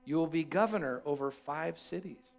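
A man's voice: a little high, moderate pace, voice pushed down, close to an everyday voice. A preacher playing a stern roaring king. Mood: approving. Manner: roaring, scolding. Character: stern commanding king, adult man.

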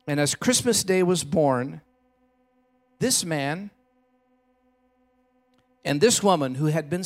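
A man preaching a Christmas Eve sermon in a church, telling a story with dramatic shifts between loud and hushed delivery. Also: a little high. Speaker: pastor.

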